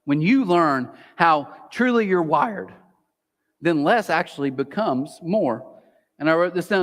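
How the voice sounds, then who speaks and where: A man preaching a sermon as pastor, animated, sometimes acting out a whispering inner voice. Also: a little high. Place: large church auditorium. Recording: long hall reverb.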